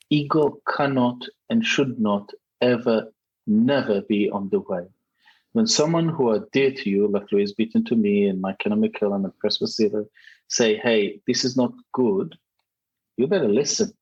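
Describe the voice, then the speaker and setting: A man's voice: mid-range voice, a little mellow, breathy edge, highs cut off. A man speaking English as a second language with a non-native accent, a guest in a podcast interview who talks emphatically and repeats key phrases. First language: not English. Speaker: guest, speaking contest runner-up.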